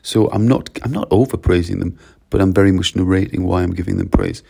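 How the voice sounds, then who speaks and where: Male teacher trainer, lowish gravelly voice, animated coaching delivery. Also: fairly quick. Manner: animated, coaching, uses lively quoted voices. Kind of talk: talk to teachers.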